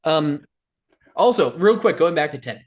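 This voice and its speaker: Chill podcast guy who laughs a lot, voice goes up and down, bit higher pitched. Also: lively intonation, moderate pace. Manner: easygoing, laughs often, agreeable. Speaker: podcast co-host. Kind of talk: casual chat.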